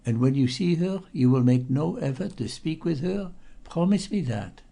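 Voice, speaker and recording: A man's voice: a little high, expressive, moderate pace, dark tone, pitched above the performer's own voice. A man doing a grim old French nun. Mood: guarded warning. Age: 60s. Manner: grim, hoarse and guarded, heavy-hearted. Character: old French nun, woman, about sixty, stern and wary.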